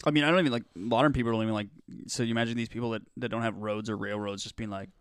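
A man's voice: fairly low pitch, steady tone, very fast, clear, resonant tone, dry recording, studio quality. Rambling man co-hosting a comedy podcast. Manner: rambling, joking, many fillers and restarts. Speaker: podcast co-host. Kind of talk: casual comedy podcast chat.

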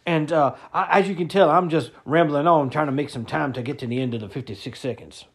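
High-voiced rambling middle-aged man. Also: fairly quick, heavy background noise. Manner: rambling, stammering, with repeated words; mock-indignant. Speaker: comic monologue host. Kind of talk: rambling comedic monologue. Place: lives in Florida.

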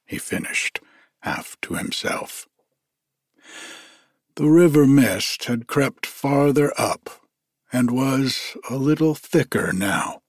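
A man narrating a story in a measured, deliberate reading. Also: mid-range voice, animated, dry recording, studio quality.

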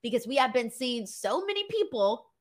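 Female host for a casual wrestling live stream: animated, quick to laugh, slightly high-pitched.

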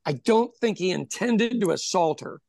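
A man who owns a pub, telling an animated story in casual chat, acting out what people said and swearing freely. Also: sits high, moderate pace, gravelly, no echo, clean studio sound. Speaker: podcast host telling a story; pub owner.

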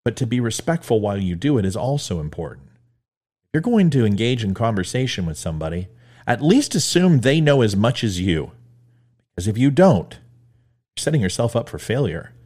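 A man's voice: fairly low pitch, very animated, normal speed, mellow. A man hosting a commentary show, delivering an emphatic, punchy opinion monologue. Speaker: host.

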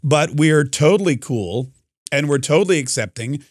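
A man's voice: a little high, lively intonation, slightly rough, no room sound, clean studio sound. A man hosting a talk radio show, giving an opinionated, combative monologue with frequent restarts. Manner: combative, restarts often, quick bursts.

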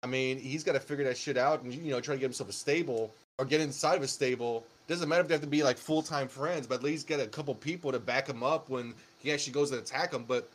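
A man's voice: medium pitch, fast talker, hardly any pauses. A young man chatting casually about wrestling, rambling and swearing, with many restarts and fillers. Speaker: podcast co-host. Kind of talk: casual wrestling recap chat.

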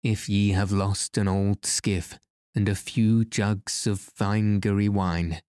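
A man's voice: fairly low pitch, flat delivery, slow pace, a little mellow, clean tone, no room sound, clean studio sound. A man reading aloud as a bold young captive who coaxes his captors in old-fashioned speech. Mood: persuasive. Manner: archaic, coaxing speech.

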